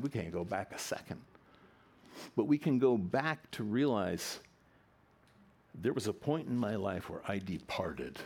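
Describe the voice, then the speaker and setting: A man preaching a sermon, swinging between loud emphatic lines and soft, low ones. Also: breathy edge.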